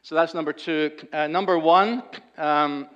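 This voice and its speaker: A man's voice: a little high, steady tone, a little slow, noisy background. A Scottish man in his sixties giving a talk as a guest speaker at a church, with a dry, self-deprecating humor and frequent hesitant fillers. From Scotland. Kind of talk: humorous lecture at a church gathering. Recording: dull lo-fi recording.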